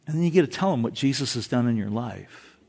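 A male pastor preaching a sermon, moving from calm, conversational asides with easy laughs to loud, fervent peaks. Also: medium pitch, fast talker, creaky.

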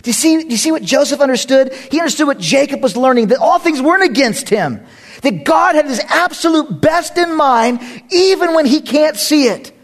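Male pastor, comic sermon delivery, bright voice, swoops up and down a lot. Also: very high voice, expressive, a little fast. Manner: humorous, conversational, laughs often.

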